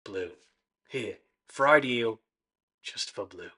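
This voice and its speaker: A man's voice: lowish voice, expressive, slow pace, pushed and bright, heavily acted. A man voicing a welcoming, chatty male bartender. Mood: friendly.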